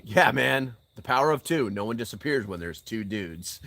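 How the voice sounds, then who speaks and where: A man's voice: on the low side, unhurried, fairly bright tone, dry recording. Blunt, profane older man. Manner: blunt and profane, with emphatic rhetorical questions. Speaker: channel host answering live chat. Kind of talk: casual live-stream chat. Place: outdoors beside a fire.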